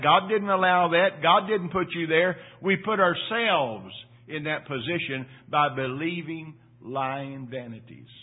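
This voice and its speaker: In church, an older pastor preaches to his congregation with a husky voice that rises to loud, emphatic peaks and sinks to low, quiet asides. He repeats phrases for emphasis and keeps checking in with the room, all heard through tinny, phone-like audio.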